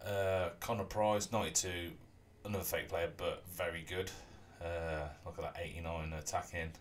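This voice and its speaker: A man's voice: sits low, moderate pace, slight background noise. A man casually talking through a rugby video game on his stream, rambling and humming to himself. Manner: relaxed, rambling, hums to himself. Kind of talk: casual gameplay commentary.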